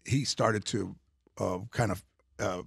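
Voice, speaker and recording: An older man, a comedian guest, telling stories in a casual chat, going from quiet asides to punchy lines. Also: lowish voice, slow pace, creaky, husky, dry recording, clean studio sound. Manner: animated storyteller, drops to quiet asides then punches up. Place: radio studio.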